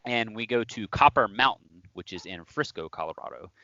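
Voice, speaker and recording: A man's voice: on the low side, moderate pace, dry recording, dull audio. A man co-hosting a podcast, telling a story in casual chat, acting out quotes and laughing. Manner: animated, laughing, acts out quotes. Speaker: podcast co-host.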